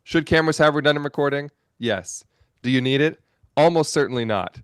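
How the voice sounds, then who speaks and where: A man's voice: a little high, a little fast, smooth, dry recording, studio quality. A man in a casual online panel chat about cameras, rambling through his point and laughing at his own stories.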